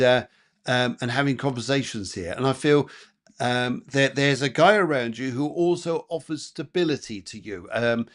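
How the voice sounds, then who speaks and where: Guy doing live tarot readings, rambly, lots of ums and repeats, middle pitch. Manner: rambling, chatty, many fillers and repeated phrases. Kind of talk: live-streamed card readings.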